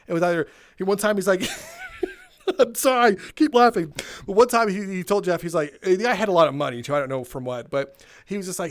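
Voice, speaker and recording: A man hosting a gaming video, telling animated stories from work and laughing as he goes. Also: high-pitched, a little fast. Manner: animated, laughs through his own stories. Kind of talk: casual storytelling while playing a VR game.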